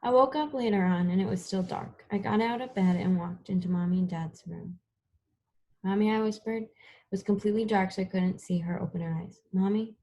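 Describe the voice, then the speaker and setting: A woman narrating a first-person audiobook in a soft, even, unhurried way. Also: medium pitch, muffled recording.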